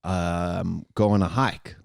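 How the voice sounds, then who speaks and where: A man with a South African accent co-hosting a podcast, relaxed and chatting with dry wit. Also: low-pitched, takes it slowly, gravelly, no echo. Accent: South African English. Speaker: podcast co-host. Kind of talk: casual chat.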